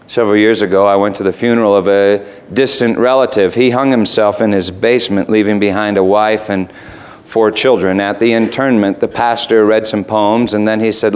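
A man's voice: on the low side, little pitch movement, brisk, clean tone. A man preaching a sermon in a conversational way that rises to emphatic peaks.

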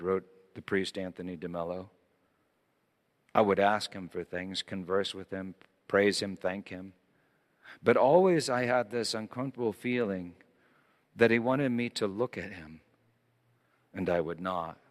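Preacher man in a reverberant hall. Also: lowish voice. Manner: dramatic scripture reading, swelling then hushed. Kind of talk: sermon.

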